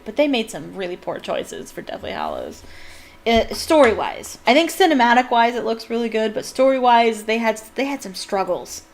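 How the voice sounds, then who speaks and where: A woman reading a novel aloud and breaking off into animated, ranting fan commentary. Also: a little high. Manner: animated, ranting, frequent laughs. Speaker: fan reader and book commentator. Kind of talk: casual read-aloud with commentary.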